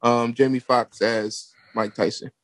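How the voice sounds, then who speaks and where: A man in casual chat, relaxed and hesitant, with frequent ums and restarts. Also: medium pitch, measured pace, no echo.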